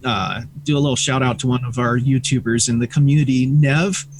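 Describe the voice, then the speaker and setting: A man co-hosting a casual gaming livestream, giving relaxed, friendly shout-outs to the community. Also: mid-range voice, fairly quick, a little hiss or hum, poor audio. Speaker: co-host.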